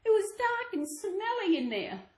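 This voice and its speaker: A woman voicing a sweet, innocent little girl in a red hood while reading a storybook aloud, in a high childlike voice. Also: very animated, measured pace, full character voice. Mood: wide-eyed. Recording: echoey room.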